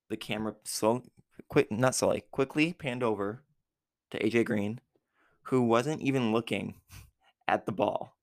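A man's voice: lowish voice, creaky. A man casually recapping a football game from memory, rambling with many fillers and self-corrections. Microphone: recording app with a time limit.

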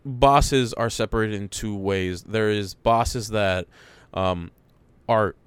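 Lowish smooth voice, guy rambling thru game lore, dry close mic. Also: slow, no echo. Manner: explanatory, rambling, many fillers and restarts. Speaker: podcast co-host. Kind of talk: casual gaming chat.

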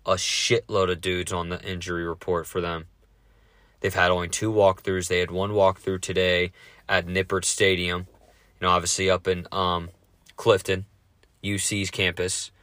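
A man hosting a casual sports podcast, talking fast with lots of swearing and rambling asides. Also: low-pitched, little pitch movement, pushed and bright, dry recording.

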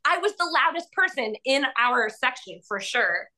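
A woman hosting a podcast, talking in a rambling, animated way with many fillers and frequent laughs. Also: sits high, normal speed. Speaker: podcast host. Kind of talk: casual chat.

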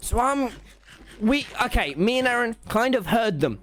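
A man's voice: moderate pace, faint music behind. A young man, a gaming streamer telling a dramatic school story to his chat while he plays. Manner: excitable, dramatic storyteller with big pitch swings.

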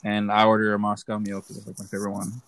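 A man's voice: fairly low pitch, monotone, rapid-fire, a bit bright, no echo. A young man chatting casually, rambling and cursing as he tells funny stories, laughing often. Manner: rambling, profane, laughs a lot. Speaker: soldier telling stories. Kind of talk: casual chat.

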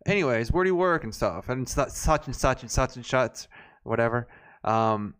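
A man chatting on a podcast, spinning a long, meandering anecdote full of fillers and false starts. His voice is smooth and clear, sitting in an ordinary middle pitch. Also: expressive, moderate pace, a bit bright. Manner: rambling anecdotes with many fillers and restarts. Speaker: podcast co-host. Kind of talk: casual chat, storytelling.

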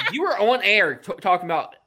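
A man's voice: high-pitched, huge pitch swings, moderate pace, pushed and bright. A man co-hosting a podcast, teasing his friends and laughing often. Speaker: podcast co-host. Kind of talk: casual podcast banter.

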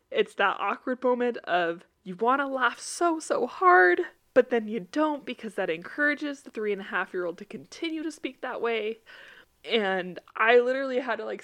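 Her voice sits on the high side and sounds a bit bright. She's a young podcast co-host in a casual chat, laughing often while she tells funny family stories.

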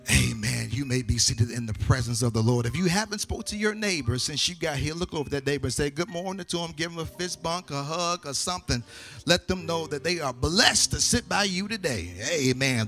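A man preaching from the pulpit, his voice fairly high and strikingly bright. He reads scripture with a rising, sing-song fervor. Faint organ-like music sits underneath in the church. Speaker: pastor. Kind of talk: sermon. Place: church sanctuary with congregation.

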